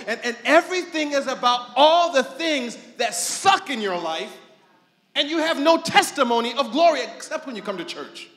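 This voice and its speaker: A man preaches with a strikingly high voice, acting out little stories and shouting to drive his points home. He is recorded in a church sanctuary where the sound rings with a long, roomy reverb. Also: moderate pace. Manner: animated storytelling, mimics people, shouts for emphasis. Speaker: pastor. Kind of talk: sermon. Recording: echoey church hall.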